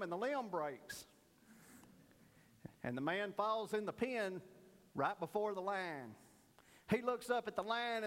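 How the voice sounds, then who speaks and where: High-voiced preacher in a reverberant church. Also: male voice. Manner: folksy storytelling, earnest preaching. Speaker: pastor. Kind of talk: sermon with a told joke.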